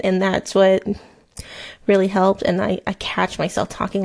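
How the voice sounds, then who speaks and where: A woman, hosting a true crime podcast in casual, rambling chat while she crochets, talking fast and swearing freely. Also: medium pitch, little pitch movement, gravelly. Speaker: podcast host. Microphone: headset mic, then removed.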